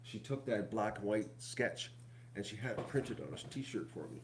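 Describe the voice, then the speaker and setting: A man's voice: fairly low pitch, normal speed, a little hiss or hum. A middle-aged man, chatting casually to viewers at home, rambling and repeating himself. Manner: addresses viewers as folks. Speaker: vlog host.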